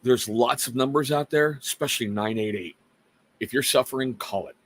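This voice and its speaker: A man's voice: mid-range voice, normal speed, fairly bright tone. Earnest, rambling middle-aged man. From Washington State. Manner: earnest, conversational, rambling with self-mocking jokes. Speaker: livestream host. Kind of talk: casual personal talk to viewers.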